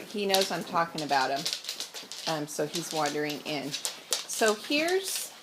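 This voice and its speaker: Moving around her home and getting winded, a woman gives a loose, talkative product demo with frequent ums. Her voice is medium in pitch and sounds distant, since the camera is set away from her in an echoey, noisy room.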